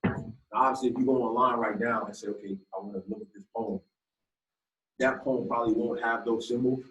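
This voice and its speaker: A man's voice: mid-range voice, steady tone, brisk, fairly bright tone, lo-fi sound. Male teacher heard from across an echoey classroom. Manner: conversational, questioning students often. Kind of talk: classroom lecture. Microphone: camera across the room. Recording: distant, echoey classroom sound.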